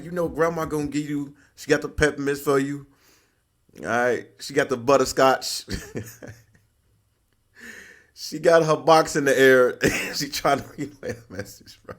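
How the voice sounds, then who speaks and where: Male host, casual reaction talk, slangy, laughs a lot, mid pitch. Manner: loose, slangy, laughs often. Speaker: channel host.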